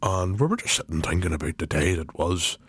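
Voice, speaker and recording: A man's voice: lively intonation, brisk, fairly bright tone, husky, dry recording, heavily acted. A man with a Northern Irish accent voicing a foul-mouthed elderly male butcher in an improvised comedy sketch. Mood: storytelling. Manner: profane, rambling, high strained delivery.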